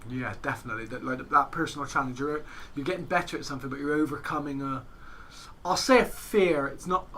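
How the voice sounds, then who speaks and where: A man's voice: a little high, fast, bright, forceful tone, a little hiss or hum. A man from England hosting a podcast, telling stories in casual chat and acting out what friends said. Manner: chatty storyteller, acts out quoted friends. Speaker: podcast host.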